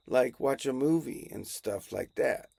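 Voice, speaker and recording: A man's voice: medium pitch, measured pace, vocal fry, warm tone, breathy edge, no echo, heavily acted. A man voicing a friendly woman in white armor who makes hesitant, easygoing offers in a comic story. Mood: shyly inviting. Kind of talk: comic story told aloud.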